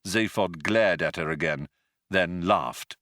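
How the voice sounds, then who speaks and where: A man's voice: low voice, takes it slowly, a bit bright, no room sound. A man narrating an audiobook in a dry, wry storytelling manner, close on a studio mic.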